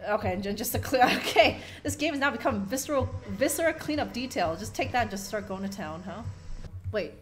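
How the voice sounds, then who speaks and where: A woman's voice: on the high side, expressive, fairly quick, background noise. A young woman giving casual, profane, jokey commentary while playing a horror game, reading in-game notes aloud with sarcastic asides.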